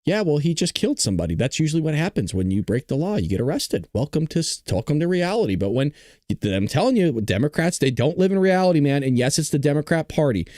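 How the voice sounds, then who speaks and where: A man's voice: fairly high pitch, sing-song, quick pace, warm tone, no room sound, studio quality. A man hosting a casual reaction commentary, sarcastic and profane. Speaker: host.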